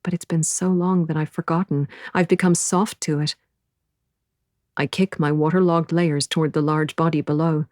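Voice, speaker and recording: A woman narrates a first-person audiobook with measured, intimate storytelling. Her voice sits low. The sound is dry and close. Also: flat delivery, a little mellow, no room sound.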